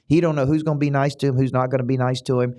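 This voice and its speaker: A middle-aged man with a Southern US accent, hosting a motivational podcast as a business coach, talking emphatically and repeating himself, with sudden upward jumps in pitch. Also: fairly even intonation, racing, darkish tone.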